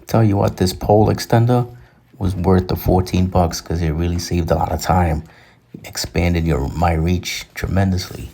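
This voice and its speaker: Low, gravelly man narrating a voice-over. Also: fairly even intonation, moderate pace, warm tone. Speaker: boating vlogger.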